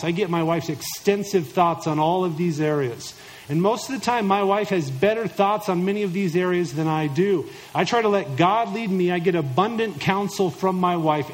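Emphatic high-voiced male preacher. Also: poor audio. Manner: emphatic, preachy, quotes imagined listeners in mock voices. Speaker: pastor. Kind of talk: sermon to husbands.

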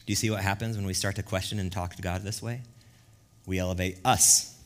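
A man preaching a sermon as pastor, casual and slangy, moving from quiet reflection to loud, emphatic bursts. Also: low voice, steady tone, brisk.

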